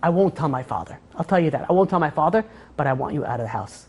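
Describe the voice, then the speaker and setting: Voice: medium pitch, lively intonation, fast talker, slightly rough, pitched below the performer's own voice. A woman voicing a patient queen who stands firm, within a told story. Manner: retold dialogue in a storytelling voice.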